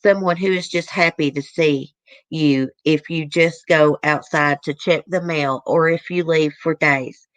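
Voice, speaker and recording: A woman's voice: low voice, no echo. A woman host reading a letter aloud to her viewers in an earnest, easily moved way, stopping now and then to comment.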